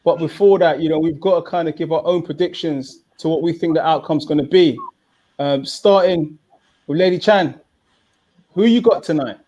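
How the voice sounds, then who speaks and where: A man's voice: fairly high pitch, normal speed, dark tone, lo-fi sound, slight background noise. A young man hosting a live boxing watchalong, upbeat and full of banter. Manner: hyped, banter-filled. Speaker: host. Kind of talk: casual live watchalong chat.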